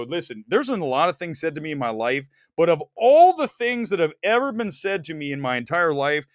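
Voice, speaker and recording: Excitable male stream host, lively, jokey ranting, somewhat high voice, dry close sound. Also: a little fast, no room sound. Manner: loud, excitable, jokey rants. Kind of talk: casual live-stream chat. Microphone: desk mic.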